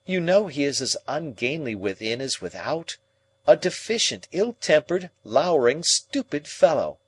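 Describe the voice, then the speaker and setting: A man's voice: on the high side, very animated, a little slow, slightly rough, voice pushed up, heavily acted. A man voicing an earnest, pleading young man.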